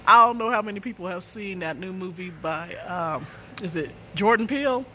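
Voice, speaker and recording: A woman's voice: mid-range voice, normal speed, pushed and bright, slight background noise. A woman, an author, telling a story casually and laughing through her own words.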